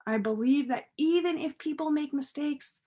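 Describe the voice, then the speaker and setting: A woman telling a children's story at a church service in a gentle, expressive way. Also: high-pitched, moderate pace. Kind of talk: storytelling for all ages.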